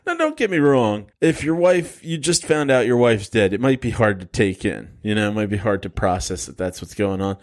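A man's voice: on the low side, moderate pace, few pauses. A man co-hosting a podcast, casually recapping a movie with jokes and frequent laughter. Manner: joking, animated retelling with laughs. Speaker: podcast co-host. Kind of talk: casual movie-review chat.

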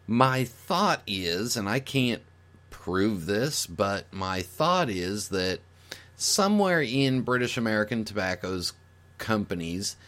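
A man's voice: on the low side, lively intonation, takes it slowly, fairly bright tone. A man speaking as a guest on a podcast, giving his opinion in a casual, explanatory way and thinking aloud with fillers and restarts.

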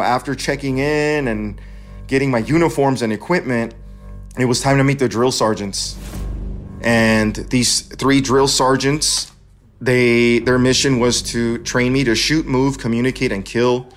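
A man's voice: mid-range voice, unhurried, faint music behind. A man from California in his thirties, earnestly telling his own life story and acting out the dialogue he recalls. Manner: earnest, acts out quoted dialogue. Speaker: veteran storyteller. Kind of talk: personal narration.

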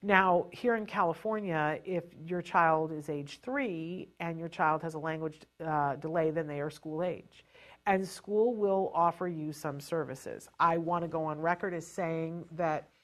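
A woman giving parents casual spoken advice in a lively, chatty way, often restarting her sentences. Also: sits low, measured pace. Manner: animated and chatty, with frequent restarts. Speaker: advisor to parents on child language delay.

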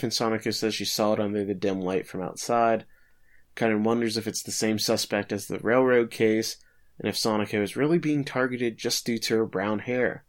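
A man co-hosting a podcast, casually recapping an episode with filler words and light chuckles. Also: on the low side. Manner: laid-back summarizing with filler words and chuckles.

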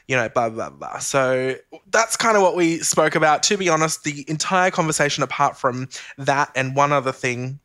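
A man in his thirties telling a personal story as an interview guest, chatty and animated, mimicking other people's voices. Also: fairly high pitch, normal speed.

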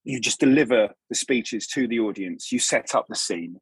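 A man's voice: mid-range voice, normal speed, breathy edge, dry recording. A man, a stage actor guesting on a podcast, telling casual anecdotes about his career with lots of restarts and asides. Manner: rambling, self-interrupting anecdotes with many restarts. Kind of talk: casual interview storytelling.

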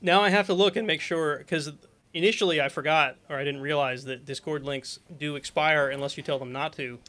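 A man's voice: a little high, steady tone, fairly quick, pushed and bright. A middle-aged man hosting a live-streamed podcast, rambling through announcements and breaking off into laughs and asides. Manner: rambling, self-interrupting, laughs often. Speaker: podcast host. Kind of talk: casual live-stream chat.

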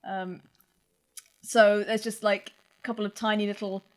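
A woman's voice: medium pitch, flat delivery, measured pace. A woman narrating as game master in a tabletop game, casual and hesitant. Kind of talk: tabletop role-play narration.

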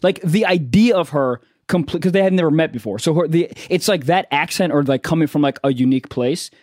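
A man's voice: fairly high pitch, a little fast, a little mellow, no room sound, clean studio sound. A young man in casual chat as a podcast co-host, crude and laid-back, saying "dude" a lot. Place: Los Angeles.

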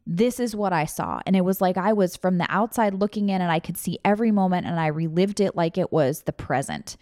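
A woman's voice: lowish voice, fairly quick, darkish tone, no room sound, studio quality. A woman in her thirties telling a raw personal story, candid and emotional, swearing freely. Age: 30s.

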